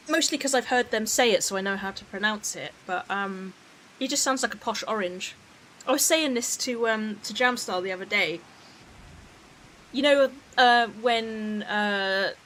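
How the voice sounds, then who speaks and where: Woman streaming a game, bright voice, sarcastic little asides, faint hiss. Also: mid-range voice, a little slow, low-quality recording. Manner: chatty, sarcastic asides, sometimes swears. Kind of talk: casual game playthrough commentary.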